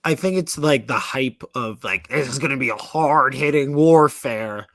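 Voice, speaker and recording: A man's voice: mid-range voice, normal speed, fairly bright tone. Cynical male podcast co-host. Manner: cynical, frequent "like" fillers. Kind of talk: casual chat.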